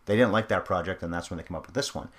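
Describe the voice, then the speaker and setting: Deep-voiced man chatting about films. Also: very fast. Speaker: podcast co-host. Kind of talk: casual film discussion.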